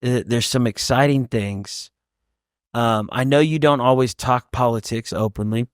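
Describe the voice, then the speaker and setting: A man, a pastor who hosts a podcast, interviewing a guest and telling stories with lively acted-out shouting. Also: mid-range voice, measured pace, smooth, no room sound, clean studio sound. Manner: animated storyteller, acts out shouting.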